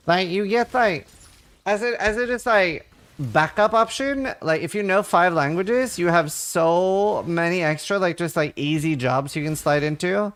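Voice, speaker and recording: A man's voice: sits high, measured pace, fairly bright tone. A man from Norway in his thirties, chatting casually with viewers while gaming, reading their questions aloud and swearing now and then. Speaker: livestreamer.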